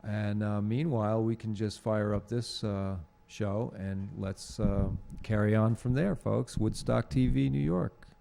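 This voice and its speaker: A man hosting a local TV show from a studio, talking off the cuff in a halting, rambling way with lots of fillers and restarts. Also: on the low side, gravelly, dark tone, slight background noise. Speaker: host of a local cable show. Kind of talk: unscripted studio monologue. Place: TV studio with green screen.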